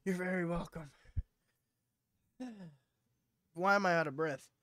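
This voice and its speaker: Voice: medium pitch, takes it slowly, long pauses, a bit bright, no echo, clean studio sound. A streamer with a stuffy, sniffly nose, chatting playfully with viewers during a casual live gaming stream. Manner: chatty, playful, talks to chat.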